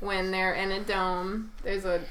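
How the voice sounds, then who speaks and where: A woman chats on a casual group podcast, talking through her thoughts as she goes. Her voice is bright and crisp, sitting at an everyday pitch for a woman. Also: level tone, a little slow, slight background noise, rough recording. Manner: chatty, talks things through aloud.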